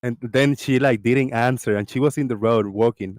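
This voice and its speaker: A man hosting a casual livestream chat, telling stories in an animated way and laughing often. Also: medium pitch, moderate pace, no room sound. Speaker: livestream host.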